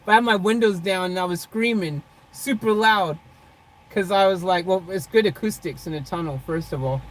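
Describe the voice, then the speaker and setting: A woman with a fairly low voice talks at normal speed in a rough recording, vlogging live from a parked car. Casual and rambling, she reads chat, calls viewers by name, laughs often, and keeps saying "freaking."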